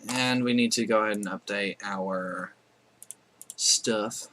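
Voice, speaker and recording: A man's voice: on the low side, slow pace, sharp tone, a little hiss or hum. A man casually commenting on his strategy game playthrough, rambling and correcting himself with chatty asides. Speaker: let's play host.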